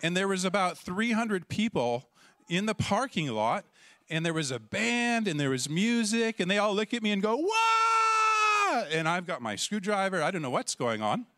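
A middle-aged man from Canada, a pastor telling a lively story in a sermon and acting out the voices in it. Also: high voice, normal speed, no echo. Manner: animated, acts out voices and shouts in the story.

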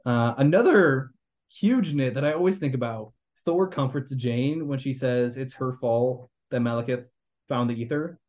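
A man's voice: mid-range voice, moderate pace, a little mellow. A young man hosting a podcast, rambling critically about a movie with lots of fillers and restarts. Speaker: podcast host. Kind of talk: casual movie review chat.

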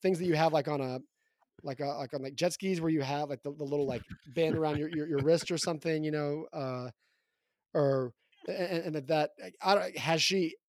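A man co-hosting a podcast, rambling and halting through his thoughts about a picture book with lots of restarts. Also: on the high side, a little mellow, no echo, studio quality. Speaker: podcast co-host.

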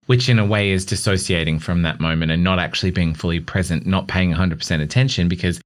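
A man co-hosting a podcast in casual chat, playful and chatty, quick to laugh. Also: low-pitched, fairly even intonation. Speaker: podcast co-host.

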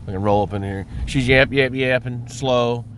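A man's voice: fairly even intonation, normal speed. A man giving a blunt, profane, rambling monologue while driving his car. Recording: car road noise behind. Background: road rumble.

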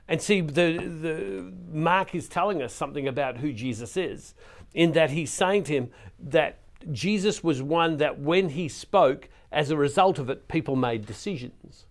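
A man's voice: fairly high pitch, measured pace. Earnest male Catholic preacher. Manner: earnest, repeats words and restarts, reads scripture aloud with more force. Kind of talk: reflective scripture teaching.

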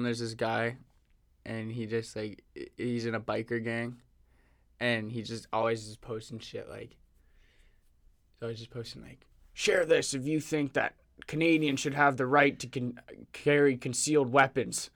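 A man's voice: medium pitch, fairly even intonation, unhurried, a bit bright. A young man co-hosting a podcast, rambling through stories in casual banter, swearing freely and laughing often. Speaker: podcast co-host.

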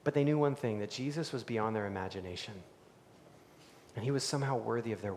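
A male pastor preaching a sermon, animated, swinging between loud emphasis and hushed, near-whispered lines. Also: medium pitch, quick pace, long reverb tail, a little hiss or hum.

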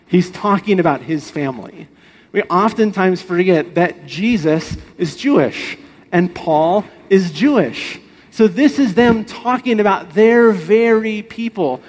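A man's voice: sits high, rough recording. A man preaching a sermon, explaining the text earnestly with rhetorical questions and letting his voice fall at the end of phrases. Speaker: pastor.

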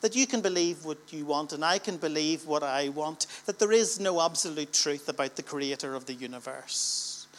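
Few pauses break this Northern Irish preacher's delivery, spoken at a moderate pace in a fairly high voice. The middle-aged man, with his Northern Irish accent, addresses a church gathering with rhetorical questions and repeated lines that build and swell in emphasis.

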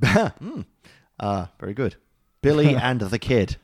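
The mythology podcast co-host speaks slowly in a sing-song, medium-pitched voice that's a little mellow. He keeps it loose and jokey with lots of ums and uhs and casual swearing, and the studio-quality audio has no echo.

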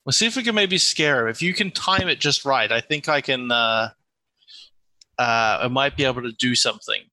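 A man playing a tabletop game, planning out loud, hesitant and full of restarts. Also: mid-range voice, normal speed, no echo, poor audio. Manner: hesitant, restarting and thinking aloud. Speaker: player. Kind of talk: casual tabletop game chat.

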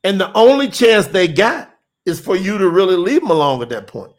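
A man's voice: high voice, big pitch swings, fairly quick. A middle-aged man, preaching in an emphatic, repetitive, folksy way during a livestream sermon to online viewers.

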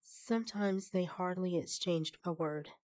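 A woman hosting a podcast and narrating a classic horror story in a measured, steady reading. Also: lowish voice.

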